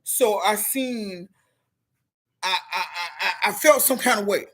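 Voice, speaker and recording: A woman's voice: mid-range voice, slow pace, a bit bright. A middle-aged woman and motivational speaker, telling her story on a live stream and speaking straight to viewers in a heartfelt, preachy way. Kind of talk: emotional live-stream testimony.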